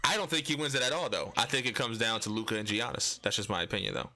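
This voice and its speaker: A man's voice: on the low side, fast, pushed and bright. A young man co-hosting a podcast, trading blunt, profane banter and repeating himself for emphasis. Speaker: podcast co-host.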